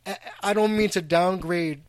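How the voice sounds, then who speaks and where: A man from New York hosting a casual podcast chat, animated and joking, often restarting his sentences. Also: sits high, normal speed, no echo. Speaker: podcast host.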